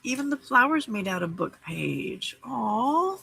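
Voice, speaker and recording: A woman's voice: on the high side, big pitch swings, unhurried, gravelly, pushed and bright, a little hiss or hum, rough recording. A woman hosting a late-night crafting livestream from her home craft room, chatting casually, greeting viewers by name and teasing herself.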